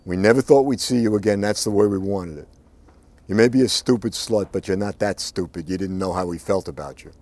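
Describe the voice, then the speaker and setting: A man voicing a cold, calm outlaw who speaks quietly and with contempt in an audiobook. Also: fairly low pitch, fairly quick, no room sound, natural voice. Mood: contemptuous. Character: cold, menacing adult male outlaw. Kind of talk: audiobook narration.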